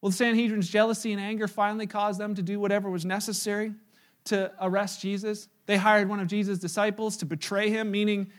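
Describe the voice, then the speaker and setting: A man preaching a sermon, retelling a story and acting out the quotes in lively voices, sometimes dropping to a hushed tone. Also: sits high, a little fast. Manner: animated storyteller, voices crowd quotes, drops to hushed tones. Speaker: pastor. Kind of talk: sermon with acted-out dialogue.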